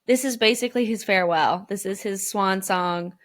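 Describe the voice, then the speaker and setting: A woman's voice: mid-range voice, moderate pace. A woman co-hosting a podcast, walking through a race in casual chat and acting out quotes with feeling. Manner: animated storyteller, acts out quotes. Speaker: podcast co-host.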